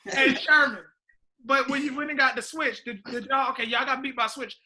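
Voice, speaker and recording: High bright-voiced man. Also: fairly quick. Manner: animated, quotes moms in a mock voice. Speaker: podcast co-host. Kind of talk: casual live chat, reading comments.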